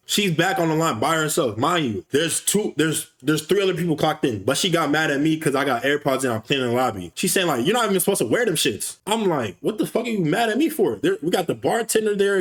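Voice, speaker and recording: A young man telling a storytime rant in casual, slangy speech, animated and frustrated, swearing often. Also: a little high.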